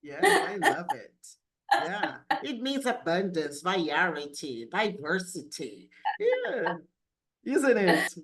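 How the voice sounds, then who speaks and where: A woman with a Brazilian accent hosting a podcast interview over a video call, with slow, affirming talk. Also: fairly low pitch, huge pitch swings, fairly bright tone. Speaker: podcast host. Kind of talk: casual interview chat.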